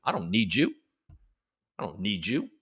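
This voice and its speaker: A man voicing a dismissive, scornful man who brushes people off, in a mocking low tone. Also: wildly swooping pitch, normal speed, fairly bright tone, slightly rough, heavily acted.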